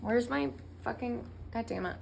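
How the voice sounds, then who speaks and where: A woman retelling a religious story as profane, sarcastic comedy with deadpan asides. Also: on the high side, normal speed, vocal fry, slight background noise. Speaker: comedic storyteller and drag performer.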